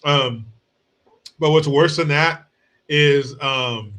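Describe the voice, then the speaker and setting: A man's voice: fairly high pitch, extremely slow, a bit bright. A man from the United States hosting a podcast, giving crude, mocking commentary and laughing often. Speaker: host.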